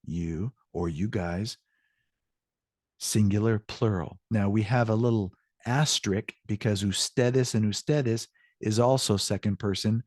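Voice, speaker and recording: Man teaching Spanish online, patient explainer; low-pitched, dry close-mic sound. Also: darkish tone, dry recording. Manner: explains patiently, answers student questions. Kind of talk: recorded online lesson.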